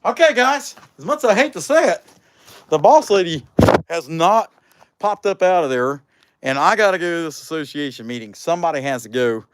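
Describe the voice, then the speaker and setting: A man's voice: a little high, animated, a little fast, rough recording. A man hosting a livestream while chainsaw carving, chatting casually in a rambling, folksy, grumbling way. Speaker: chainsaw carver and livestream host. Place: outdoor carving workshop. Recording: loud outdoor noise behind.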